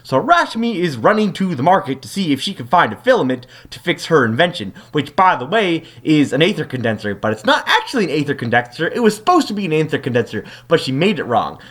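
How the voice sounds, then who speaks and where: A man's voice: a little high, big pitch swings, quick pace, few pauses, fairly bright tone, slightly rough. A man retelling a fantasy story as a joking, offhand recap, slipping into silly character voices.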